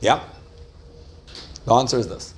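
A man's voice: mid-range voice, unhurried, a little hiss or hum. Man questioning his class. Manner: keeps asking the group questions and checking they follow. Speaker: religious teacher. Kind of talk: Torah class lecture to a live group.

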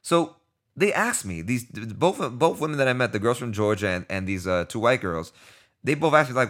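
A man from New York City hosting a podcast in his thirties, telling a story casually and acting out the dialogue in quick back-and-forth. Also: mid-range voice, animated, fairly bright tone. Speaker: podcast host.

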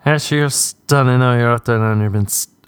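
A man voicing a doting older Irish aunt from Cork who gushes over her nephew, in a strained, high put-on voice with a Cork Irish accent. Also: a little fast, clean tone, no echo, close to an everyday voice. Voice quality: strained, high, gushing and repetitive.

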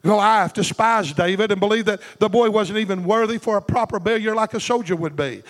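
A man's voice: high-pitched, fairly quick, in a large hall. A man preaching a fervent, rhythmic sermon, calling out to his congregation for replies. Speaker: pastor.

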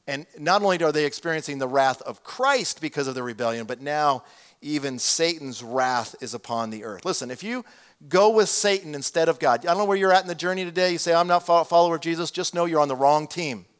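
Animated man preaching. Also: on the high side, fairly quick, smooth. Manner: animated, conversational preaching with asides to the congregation. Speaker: pastor. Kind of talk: sermon.

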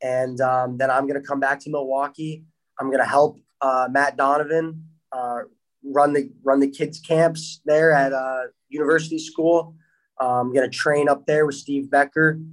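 A man's voice: medium pitch, level tone, normal speed, poor audio. A young man, a hockey player, answering interview questions in a casual, upbeat way, laughing now and then and often repeating words.

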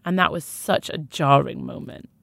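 A woman's voice: very deep voice, moderate pace, gravelly, a bit bright, husky, no room sound. A young woman frankly telling her own story as an interview guest, emphatic and conversational. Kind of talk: candid personal storytelling.

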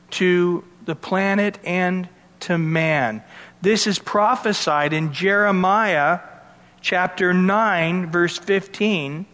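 A man's voice: high voice, a bit bright, big-room sound. A man preaching a sermon, reading verses and explaining them in a conversational way with asides to his listeners. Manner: expository Bible teaching, conversational with asides. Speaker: pastor.

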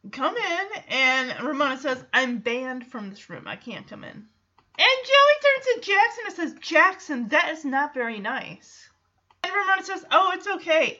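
A woman hosting a podcast, recapping an episode in a casual, animated way, acting out the characters' lines and laughing often. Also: sits high, lo-fi sound. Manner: animated storytelling, acts out quotes, laughs often. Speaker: podcast host.

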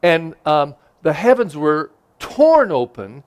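Animated priest preaching. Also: male voice, fairly high pitch, takes it slowly. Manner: animated, acts out quotes and exclamations. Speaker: pastor. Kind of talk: sermon.

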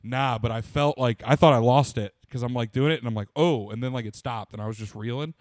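A young man chatting casually on a podcast, cracking crude jokes and breaking into laughter as he acts out what people said. His voice sits in a middle pitch, and the recording is close and dry, with no room sound. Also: fast talker, a little mellow, no room sound. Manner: crude, laughing storyteller who acts out quotes. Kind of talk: casual chat.

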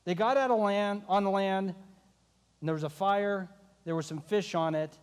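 Male pastor, high register, animated sermon delivery that acts out the voices, reverberant church hall. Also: moderate pace, smooth. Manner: animated, acting out the disciples' voices.

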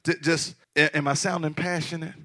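Male pastor, high gravelly voice, impassioned sermon that jumps between shouts and quiet asides. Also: steady tone, a little fast. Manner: passionate preaching, swings from shouting to hushed asides.

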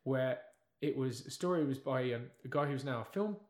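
Animated man telling a story, roomy. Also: mid-range voice, normal speed. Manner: animated storyteller, drops to hushed tones for quotes. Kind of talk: casual anecdote telling. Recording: roomy echo.

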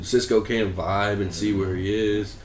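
A man's voice: on the low side, steady tone, a little slow, crowd noise. A man chatting casually as co-host, adding blunt, offhand remarks with some swearing. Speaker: podcast co-host. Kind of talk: casual chat. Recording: roomy room, faint background hum.

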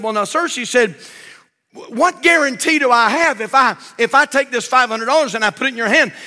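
Bright-voiced Southern pastor in a reverberant church. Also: male voice. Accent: Southern American. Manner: storytelling preacher, voice rising for punchlines and dropping low in prayer. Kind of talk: sermon with jokes and prayer. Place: church sanctuary.

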